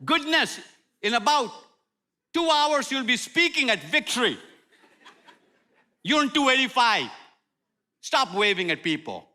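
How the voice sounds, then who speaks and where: Older man, preacher, sermon, high voice, very expressive pitch, playful delivery. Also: measured pace, long pauses. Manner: animated, humorous, acts out prayers and apologies. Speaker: guest preacher. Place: church sanctuary.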